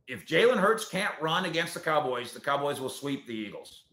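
Answering viewer comments on a sports talk show, a man with a slightly high voice talks at a moderate pace. He's sarcastic and animated, going from loud points to quiet asides, and the sound has a roomy echo.

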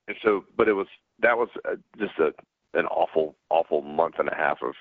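Middle-aged Southern man, interview guest, halting storyteller, low voice over a tinny line. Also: no echo. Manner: halting, many restarts and fillers. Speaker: guest, former pro pitcher. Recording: dry, tinny phone-like line.

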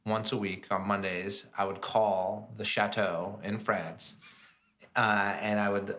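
Bright-voiced chef telling stories. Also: male voice, on the low side, slow pace. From United States. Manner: animated, lots of fillers and acted-out quotes. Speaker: chef and restaurateur, podcast guest. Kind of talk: casual storytelling chat.

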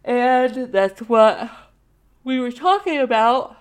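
A woman's voice: a little high, lively intonation, takes it slowly. A woman hosting a podcast, telling stories in a casual, rambling chat with lots of fillers and swearing, candid and self-deprecating. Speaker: podcast host.

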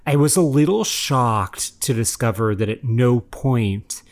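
A man's voice: medium pitch, a little slow. A man co-hosting a comedy podcast, giving rambling, hesitant feedback in casual banter. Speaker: podcast co-host.

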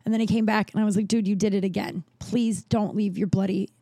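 A woman's voice: mid-range voice, fairly even intonation, fast talker, mellow, dry recording, clean studio sound. A woman podcast host, a festival bartender, telling a rambling story in casual chat and swearing freely.

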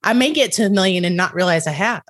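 A middle-aged woman guest on a podcast, telling stories with lively quoted dialogue. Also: fairly low pitch, fast, no echo, studio quality. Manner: animated storyteller, acts out quoted dialogue. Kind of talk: storytelling conversation.

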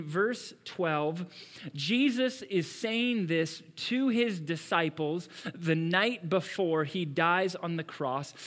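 Man, pastor, sermon, high-pitched, shifts from loud emphasis to hushed asides. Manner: dynamic preaching, swings between loud emphasis and hushed asides.

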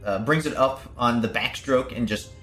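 A man's voice: mid-range voice, moderate pace, a bit bright, faint music behind. A man playing a tabletop game, teasing the others and explaining the rules of his moves. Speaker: player. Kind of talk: casual tabletop game play.

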